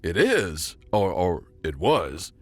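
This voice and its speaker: A man's voice: sits low, big pitch swings, measured pace, slightly rough, dry recording, soft background music, heavily acted. A man voicing a panicky space junker. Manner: panicky, rambling.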